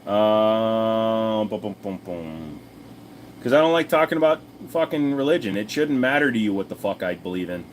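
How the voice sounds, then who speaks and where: A man's voice: fairly low pitch, moderate pace, hardly any pauses, slight background noise. A man hosting a casual livestream, answering chat in a blunt, profane, rambling way with plenty of fillers. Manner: chatty, talks straight to viewers.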